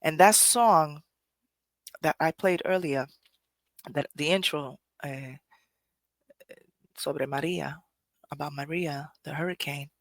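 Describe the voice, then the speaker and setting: Podcast host, mid-pitched, earnest and conversational, dry close recording. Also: slow, long pauses, no echo. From Puerto Rico. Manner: earnest, conversational, often restarts phrases, swears casually. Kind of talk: personal reflective monologue.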